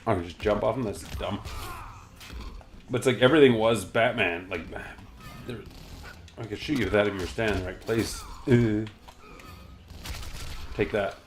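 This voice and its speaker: A man's voice: fairly low pitch, moderate pace, long pauses, slight background noise. A man casually chatting and rambling about comics while reacting aloud to the video game he is playing. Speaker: gaming channel host.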